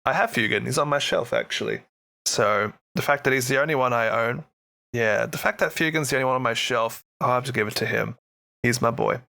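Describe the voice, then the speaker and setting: Excitable male co-host with a bright, forward voice; casual, jokey hobby chat. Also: mid-range voice, fairly quick, creaky. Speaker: podcast co-host.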